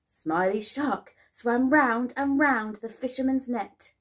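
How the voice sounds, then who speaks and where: A woman teacher reading a picture book aloud to young children in a sing-song, expressive storytelling manner. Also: fairly high pitch, measured pace, hardly any pauses.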